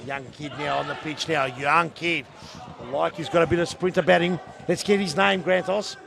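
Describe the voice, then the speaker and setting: Aussie guy in his 30s calling futsal live, highish gravelly voice, gets loud and jokey. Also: normal speed. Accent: Melbourne Australian. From Australia. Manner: excitable, jokey, shouts at big chances. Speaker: futsal commentator. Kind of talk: live sports commentary. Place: indoor futsal stadium.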